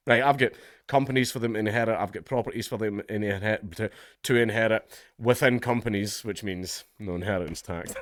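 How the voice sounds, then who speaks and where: A man's voice: lowish voice, a little fast, a bit bright, no room sound, studio quality. A Scottish man giving casual vlog commentary in a sardonic tone, laughing often as he talks. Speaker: political commentator.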